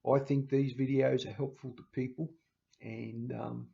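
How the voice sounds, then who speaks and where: Gravelly man, halting and emotional. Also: medium pitch, level tone, dark tone. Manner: halting, with frequent restarts and stammers. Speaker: channel host. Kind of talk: casual farewell vlog. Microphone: handheld camera. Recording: slightly dull lo-fi recording.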